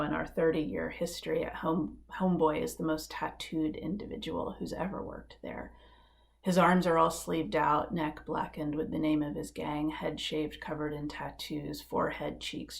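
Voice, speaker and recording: A woman minister giving a sermon from her living room, telling a story in a measured, earnest way with quiet emphasis. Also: low voice, gravelly. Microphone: live-stream setup.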